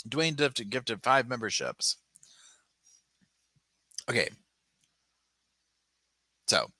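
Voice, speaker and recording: This is a man hosting a casual true-crime livestream. His voice sits low but swings widely in pitch, and it has a bright, forceful edge. The sound is close and dry, and he talks in an animated, sassy way, breaking off to read viewer comments aloud. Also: no room sound. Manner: animated, sassy, mimics people in exaggerated voices; reads viewer chat aloud and thanks supporters.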